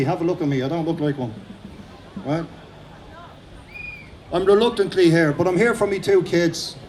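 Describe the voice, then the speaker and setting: A middle-aged Irish man giving a rousing, fast-paced speech at an outdoor rally. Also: high-pitched, a little mellow, a little hiss or hum. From Ireland. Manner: fast-talking, repetitive, rousing. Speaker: speaker at a rally.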